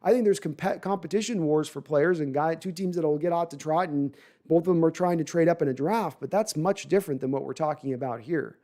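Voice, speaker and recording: A man's voice: fairly high pitch, fairly quick, warm tone. A man hosting a live sports podcast, talking at length and reading chat comments, often repeating words as he restarts sentences.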